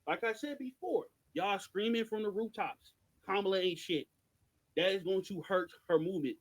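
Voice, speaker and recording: Animated, high-voiced podcast co-host man. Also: moderate pace, poor audio. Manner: animated, emphatic, rhetorical questions. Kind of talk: passionate political commentary.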